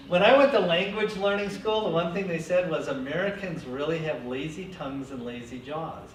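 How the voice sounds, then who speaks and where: Animated man lecturing in an echoey classroom. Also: on the high side. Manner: lively, coaching students through name pronunciation. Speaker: teacher educator. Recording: echoey classroom from far off, faint hiss.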